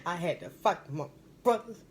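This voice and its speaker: Animated, rambling woman medium. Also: fairly low pitch, normal speed, a little hiss or hum. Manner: animated, rambling, emphatic, slangy. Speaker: spiritual medium hosting a live stream. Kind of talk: live-stream storytelling and advice.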